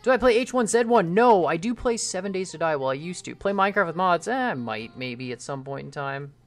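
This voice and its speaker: A man's voice: sits high, animated, fairly quick. A man livestreaming a building game, chatting casually and answering chat questions in a rambling, self-deprecating way. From Canada. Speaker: gaming livestreamer.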